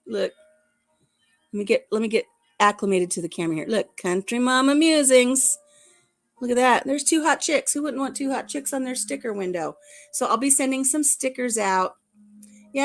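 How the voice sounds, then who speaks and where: An older woman chatting casually to her viewers on a live stream. She rambles cheerfully and laughs at herself often. Her voice sits a touch above the usual pitch. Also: animated, moderate pace, faint music behind. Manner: chatty, laughing, self-deprecating. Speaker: vlog host.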